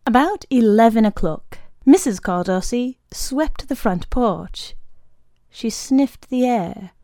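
A woman reading a story aloud as narrator, in a calm, measured way. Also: mid-range voice, dry recording, clean studio sound.

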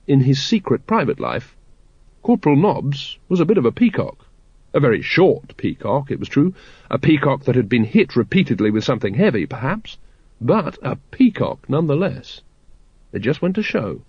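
A man narrating a novel in a dry, measured storytelling manner, on a dry, slightly dull recording. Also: mid-range voice, a little mellow, slightly rough, no echo. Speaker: audiobook narrator. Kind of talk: scripted narration.

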